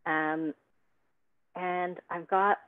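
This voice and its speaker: Low-voiced woman moderator, phone-like sound. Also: fairly even intonation, drawn-out words. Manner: soft-spoken, brief affirmations. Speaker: interview moderator. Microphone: video call.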